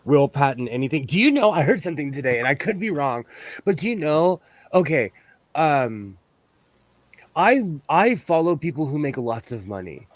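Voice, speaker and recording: A man's voice: on the high side, very animated, normal speed, no room sound. A man from the US West Coast hosting a casual sewing livestream, rambling from topic to topic and laughing often. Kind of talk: casual chat while sewing.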